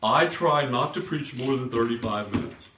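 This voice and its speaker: An older man, a pastor, teaching fellow preachers in an informal, animated way, poking fun at himself and swinging between loud and soft. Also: medium pitch, moderate pace, slight background noise. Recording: roomy, distant from the mic.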